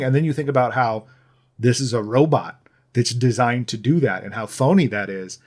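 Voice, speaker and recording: A man's voice: medium pitch, brisk. A man co-hosting a podcast, talking in a rambling, sardonic way with lots of fillers and restarts. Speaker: podcast co-host. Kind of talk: casual chat.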